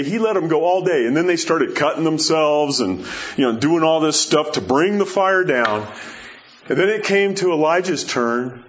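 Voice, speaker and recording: A man preaching a sermon as a pastor, talking in a loose, conversational way with many fillers and animated storytelling. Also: on the high side. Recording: dull lo-fi sound.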